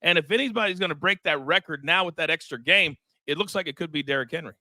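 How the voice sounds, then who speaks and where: A middle-aged man hosting a live sports betting show, energetic and joking with his co-hosts. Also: a little high, fast, dry recording. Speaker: host.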